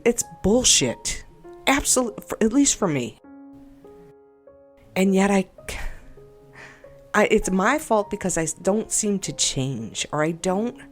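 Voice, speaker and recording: A woman talks through a frustrating encounter in a loose, rambling monologue. She sounds upset and exasperated and keeps doubting herself. Quiet music plays underneath. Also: medium pitch. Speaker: game video creator. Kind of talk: personal venting monologue. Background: faint background music.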